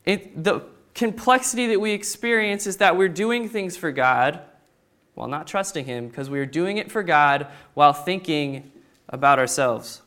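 A man preaching a sermon, acting out the people of the story with sudden loud bursts. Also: a little high, lively intonation, normal speed. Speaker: pastor.

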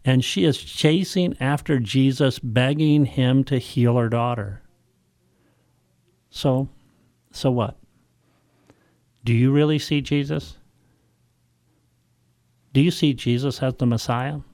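Slow, deliberate male pastor preaching. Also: mid-range voice, darkish tone, no echo, studio quality. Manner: measured preaching with slow, emphatic repetitions and rhetorical questions. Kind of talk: sermon.

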